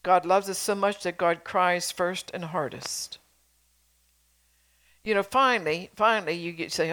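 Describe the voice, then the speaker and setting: Earnest lower-voiced woman preaching. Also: fairly even intonation, unhurried, a bit bright. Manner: earnest, exhorting with rhetorical questions to the congregation. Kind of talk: sermon.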